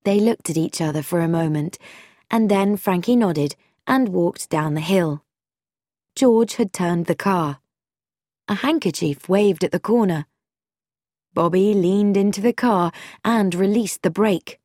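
A woman narrating a storybook in a clear, measured way. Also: fairly low pitch, warm tone, no room sound, clean studio sound. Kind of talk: storybook reading.

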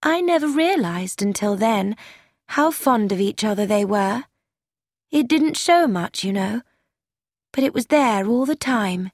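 A woman's voice: on the high side, lively intonation, a little slow, a little mellow, no echo, clean studio sound. A woman reading a young woman's chatty, earnest letter aloud in an audiobook. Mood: confiding. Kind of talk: scripted narration.

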